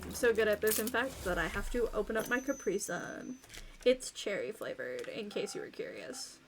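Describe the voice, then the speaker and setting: A woman chatting quickly and playfully to her stream chat while she plays a cozy innkeeping game. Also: medium pitch, sing-song, background noise.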